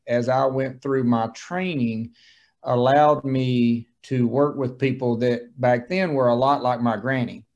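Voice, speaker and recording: Man in his forties, mid-pitched, folksy and joking, surgeon giving a talk to a group. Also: darkish tone. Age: 40s. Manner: folksy, joking, plain-spoken. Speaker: colorectal surgeon. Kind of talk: lunch-and-learn talk.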